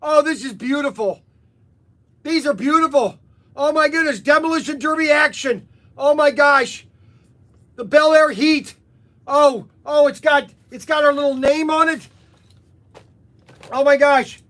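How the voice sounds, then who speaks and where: A man hosting a live unboxing stream, excitable and constantly exclaiming in surprise. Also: very high-pitched, measured pace, long pauses. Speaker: livestream host unboxing toy car samples. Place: indoor workplace.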